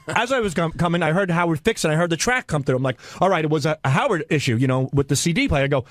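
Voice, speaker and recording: A man's voice: fairly high pitch, fast, dry recording, studio quality. A man telling a story in casual radio chat, acting out the people he quotes. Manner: animated storyteller, acts out quotes. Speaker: show staffer.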